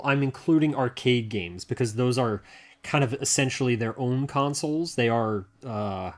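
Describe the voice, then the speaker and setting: A man talking through a hands-on tech walkthrough at an average pitch, thinking out loud as he goes. He rambles, restarts sentences and leans on filler words, and he gets excited easily and laughs often. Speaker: hobbyist video maker.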